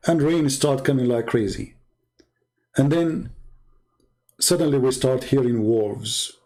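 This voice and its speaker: A man's voice: mid-range voice, slow, darkish tone. A man from the Middle East speaking English, in an emphatic, repetitive casual monologue with broken grammar. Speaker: Christian apologist.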